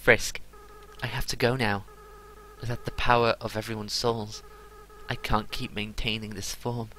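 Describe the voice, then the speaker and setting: A man reading aloud the lines of a remorseful young goat monster boy, in a soft, earnest, apologetic way. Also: fairly low pitch, little pitch movement, measured pace, slight background noise, poor audio. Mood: farewell. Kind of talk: reading game dialogue aloud.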